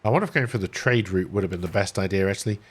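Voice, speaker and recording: A man streaming a game live, quickly ordering his crew around and reading the game's text aloud. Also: low voice, slightly rough. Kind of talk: live gameplay commentary.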